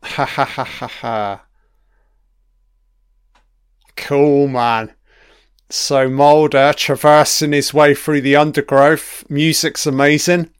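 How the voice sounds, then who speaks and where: A man's voice: a little high, flat delivery, slow, clear, resonant tone, dry recording, clean studio sound. A man giving a casual commentary on a TV episode, chatty and swearing freely, laughing along as he watches.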